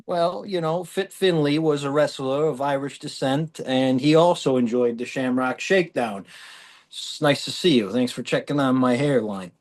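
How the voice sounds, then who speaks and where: A man hosting a comedic podcast, loud and joking with his co-hosts. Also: medium pitch, normal speed. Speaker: podcast host.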